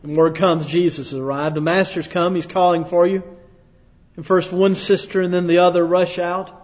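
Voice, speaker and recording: A male preacher telling a sermon as dramatic second-person storytelling, dropping to a hush and rising to loud declarations. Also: sits high, level tone, normal speed. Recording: echoey hall, dull lo-fi sound.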